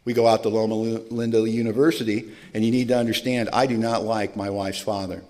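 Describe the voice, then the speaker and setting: A man's voice: on the low side, flat delivery, a little fast, darkish tone. Earnest man telling his story in a reverberant hall. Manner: candid, earnest, conversational storytelling. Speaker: speaker at a recovery meeting. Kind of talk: personal testimony talk. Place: large hall with long reverb. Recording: live hall recording with long reverb.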